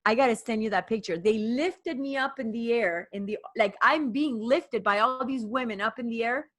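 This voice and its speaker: Woman coach on a podcast, excited storytelling, lots of restarts, dry close sound. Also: fairly high pitch, normal speed, dry recording. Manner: animated, breathless retelling with many restarts and quoted dialogue. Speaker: guest, women's performance coach. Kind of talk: emotional personal storytelling.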